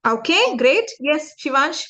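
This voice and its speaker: A woman's voice: sits high, takes it slowly. A woman leading an interactive public speaking lesson for young students, asking the class questions and acting out her points. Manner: animated, demonstrative, asks the class questions.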